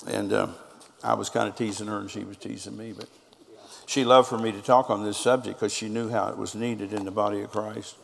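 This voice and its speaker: A man's voice: on the low side, little pitch movement, a little fast, creaky, long reverb tail. A middle-aged man, a pastor preaching a sermon and telling stories, quoting people's words back and forth. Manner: storytelling preacher, quoting others in conversation.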